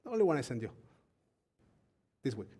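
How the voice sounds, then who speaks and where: A man leading a Shabbat service who preaches in a chatty way, laughing often, asking the congregation and crew for attention, and reading scripture slowly. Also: medium pitch, sing-song, dark tone, slightly rough. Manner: reads scripture slowly and deliberately. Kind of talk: live-streamed sermon and Torah teaching.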